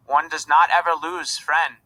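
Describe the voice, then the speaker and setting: A kindly older foreign gentleman in a storybook, as a male reader plays him, speaking soft, broken English. The tone stays bright and clear. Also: fairly high pitch, little pitch movement, measured pace, poor audio.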